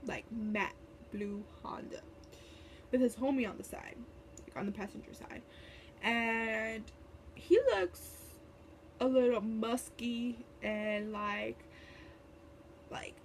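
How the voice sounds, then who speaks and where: A woman's voice: on the high side, steady tone, slow pace, long pauses, a little hiss or hum. A young woman telling a storytime vlog in casual, chatty talk, full of fillers and sassy asides. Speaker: vlogger.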